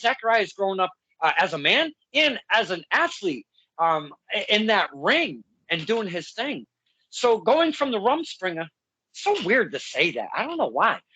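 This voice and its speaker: A man's voice: sits high, sharp tone, slightly rough, no echo, poor audio. A man hosting a casual interview, rambling and chatty with lots of fillers and self-corrections. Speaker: podcast host.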